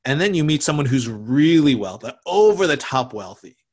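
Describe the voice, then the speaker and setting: A male pastor delivers a sermon in a mid-pitched voice, talking conversationally with frequent restarts and asides. He lowers his voice to a hush on solemn words, then lifts it again. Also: very animated, normal speed, husky.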